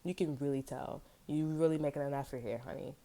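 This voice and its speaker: A woman's voice: low voice, fairly even intonation, a little fast, creaky, warm tone. A woman giving a casual, rambling tarot reading, talking bluntly and swearing freely, with "you know what I'm saying" over and over. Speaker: tarot reader.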